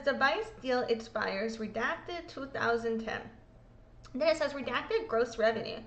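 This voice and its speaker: High-voiced irreverent woman reading documents. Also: a bit bright. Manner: irreverent, swears freely, self-mocking. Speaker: host. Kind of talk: casual commentary reading court documents. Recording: echoey room.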